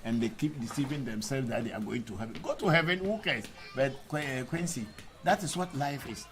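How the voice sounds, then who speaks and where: A man's voice: medium pitch, brisk, faint music behind, low-quality recording. A man serving as a Vodu priest, reading out viewer comments in a live Q&A and answering critics bluntly and combatively, repeating lines for emphasis.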